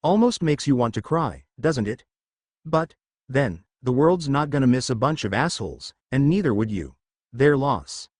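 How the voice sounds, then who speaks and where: A man's voice: mid-range voice, lively intonation, normal speed, darkish tone, no room sound, studio quality, lightly acted. A man reading the lines of a scornful middle-aged witch woman with a slight Southern US accent, in a storybook reading. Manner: scornful, commanding.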